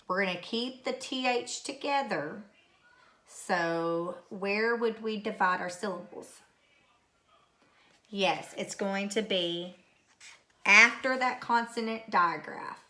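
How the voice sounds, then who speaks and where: For a recorded phonics lesson, a third grade teacher speaks slowly and patiently, repeating every word for her young pupils. Her voice sits at a medium pitch and sounds bright and clear, and she never rushes.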